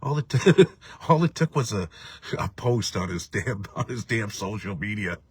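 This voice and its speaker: A man's voice: lowish voice, animated, moderate pace, husky. A man hosting a casual live stream, rambling and profane, reading viewer comments and laughing often. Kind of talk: casual ranting live chat.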